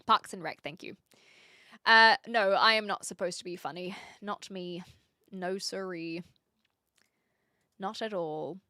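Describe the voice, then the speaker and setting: A woman's voice: lowish voice, slow, long pauses, sharp tone, no echo, clean studio sound. A woman from New Zealand with a posh-leaning Kiwi accent, chatting playfully and laughing with her live-stream chat. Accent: New Zealand, mixed and posh-leaning. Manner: playful, giggly, self-mocking.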